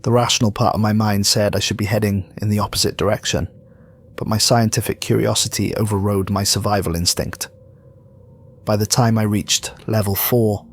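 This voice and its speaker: Low-voiced man narrating horror. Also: slightly rough.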